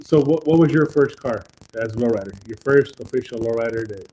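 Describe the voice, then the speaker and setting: A man's voice: mid-range voice, fairly quick, mellow, slight background noise. A man hosting a podcast, asking questions in a laid-back, slangy way with short reactions. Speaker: podcast host. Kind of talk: casual chat.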